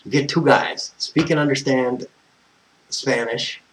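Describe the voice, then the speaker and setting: A man's voice: medium pitch, steady tone, takes it slowly, a little hiss or hum, rough recording. An American man telling a personal story as a vlogger, exasperated and swearing constantly, wandering off on tangents. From United States. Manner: profane, exasperated, tangent-prone.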